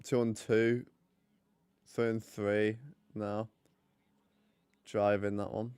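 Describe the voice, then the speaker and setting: A man's voice: fairly low pitch, little pitch movement, slow, darkish tone, clean tone, dry recording. A young man chatting and joking casually while hosting a live hockey watch party. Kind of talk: casual live commentary and chat.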